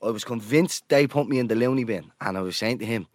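A man's voice: mid-range voice, quick pace, no echo, clean studio sound. A man, a podcast co-host, talking earnestly and emphatically in casual chat.

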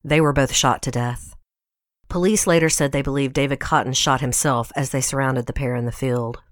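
A woman from Tennessee with a Southern American accent, a guest podcast host reading a scripted true-crime story in a measured storytelling way. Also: a bass voice, fairly even intonation, no echo, studio quality. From Tennessee, USA.

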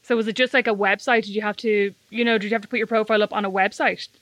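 Quick, bright-voiced teasing woman. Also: medium pitch, dry recording. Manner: quick, teasing, deadpan jokes. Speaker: podcast co-host. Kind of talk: casual chat.

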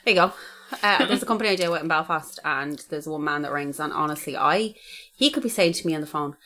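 A woman's voice: lowish voice, lively intonation, fast talker, bright, forceful tone, a little hiss or hum. A young Irish woman co-hosting a podcast, chatting casually with blunt, sweary banter. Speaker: podcast co-host. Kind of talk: casual chat.

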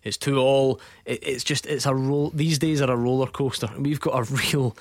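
A man presenting a football phone-in on the radio, firing off questions to draw in callers. His voice sits at an ordinary middle pitch and sounds close and dry in the studio, with no room around it. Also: fairly even intonation, no room sound. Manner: brisk, prompting callers with questions.

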